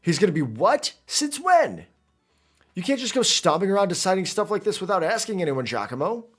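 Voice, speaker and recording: A man voicing a bratty, snippy young male gang boss from a game, speaking in a high, indignant voice. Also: very animated, a little fast.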